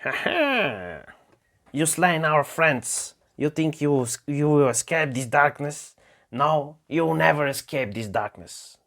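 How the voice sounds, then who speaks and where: A man's voice: on the high side, very animated, slow, fairly bright tone, pitched above the performer's own voice, full character voice. Man putting on a sneering goblin leader. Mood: taunting. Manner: taunting, mocking laugh.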